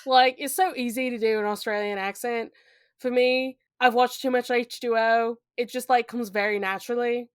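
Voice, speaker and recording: Her voice is a little high, clear and resonant, with a steady tone and a moderate pace. She's a young podcast co-host in a casual book chat, tossing in playful asides and laughing often, captured in a dry, clean studio recording.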